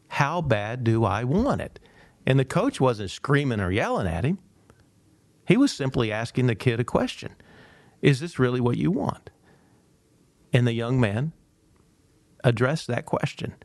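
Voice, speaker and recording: A man co-hosting a panel talk, telling a long story and acting out the people in it with lively quoted voices. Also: mid-range voice, gravelly, no echo. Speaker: podcast co-host.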